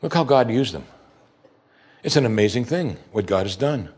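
Man, pastor, sermon, husky voice, reads scripture then comments emphatically. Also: medium pitch, expressive, moderate pace, darkish tone.

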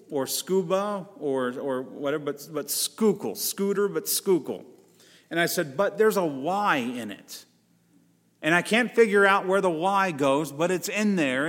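Guy pastor preaching to his church, chatty and joking at himself, long echo off the sanctuary walls. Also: a little high. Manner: conversational preaching with self-deprecating asides. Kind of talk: sermon.

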